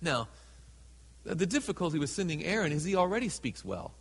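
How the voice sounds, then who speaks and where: A man preaching a sermon in a church, reading scripture slowly and dramatically and acting out the people in it. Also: fairly high pitch, sing-song, gravelly, husky. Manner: reads scripture slowly and dramatically, voices characters in asides. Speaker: pastor. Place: church sanctuary. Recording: hall with long reverb.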